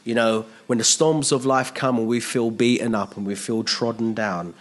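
A man's voice: medium pitch, fairly even intonation, moderate pace. A man preaching a sermon as pastor, earnest and emphatic, repeating phrases and asking the congregation rhetorical questions.

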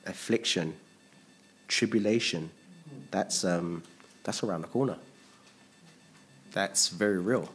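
A man preaching a sermon, animated, acting out quotes in different voices and laughing at himself. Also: sits low.

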